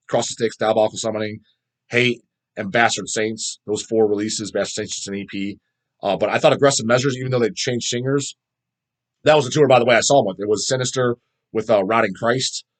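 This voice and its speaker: A man talks quickly and loosely, swearing freely and circling back when a name slips his mind. His voice sits at an ordinary middle pitch. He sounds like a host chatting casually through listener comments on his own show. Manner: rambling, profane, trails off searching for names. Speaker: podcast host reading viewer comments. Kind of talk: casual chat.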